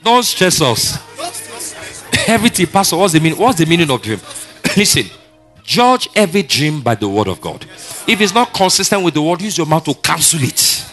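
Animated pastor preaching. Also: male voice, a little high, normal speed, soft background music. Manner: animated preaching, asks the congregation questions. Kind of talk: sermon.

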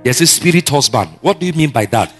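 Animated pastor preaching. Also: male voice, fairly high pitch, fast talker, soft background music. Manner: animated preaching, asks the congregation questions. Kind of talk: sermon.

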